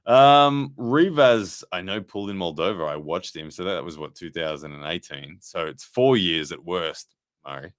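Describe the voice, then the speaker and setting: A man's voice: sits low, expressive, normal speed, no room sound, clean studio sound. A man hosting a casual live stream review, chatting loosely with many fillers and restarts while answering viewers' comments. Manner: rambling, conversational, frequent fillers and restarts. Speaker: livestream host and armwrestling commentator.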